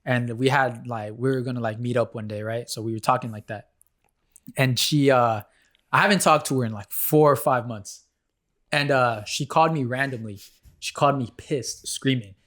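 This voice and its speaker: Regular guy on a podcast, middle pitch, laid back, swears a bunch. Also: normal speed, fairly bright tone. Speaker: podcast co-host. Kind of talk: casual chat.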